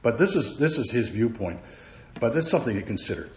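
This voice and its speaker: A man teaching verse by verse from the Bible, halting often with fillers and repeated words. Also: medium pitch, big pitch swings, slight background noise. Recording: roomy, dull recording.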